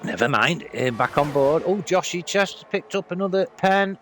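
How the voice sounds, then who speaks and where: A man giving relaxed, chatty commentary on an online motor race and apologising for small slips as he goes. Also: on the high side, normal speed, faint music behind. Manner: casual, chatty, apologetic asides. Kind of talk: sim racing commentary.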